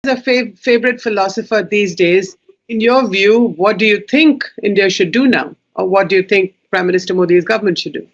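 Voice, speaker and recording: A woman's voice: medium pitch, fairly quick. A woman interviewer asking direct, probing questions. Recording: dull lo-fi audio.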